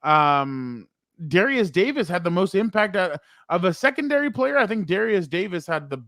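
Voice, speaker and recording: A man's voice: sits high, big pitch swings, normal speed, fairly bright tone, dry recording, studio quality. Man rambling through casual sports chat. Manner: rambling, many fillers and restarts. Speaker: sports podcast co-host.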